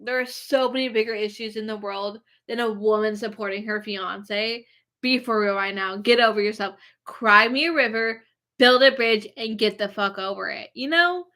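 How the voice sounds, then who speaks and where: Bright, chatty woman vlogger. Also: mid-range voice, normal speed. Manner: gushing, filler-heavy, rambling. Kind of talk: casual chat.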